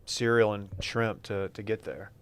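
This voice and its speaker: A man co-hosting a podcast, ribbing his friends in a dry, deadpan way. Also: on the low side, measured pace, clear, resonant tone. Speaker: podcast co-host. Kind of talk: casual chat.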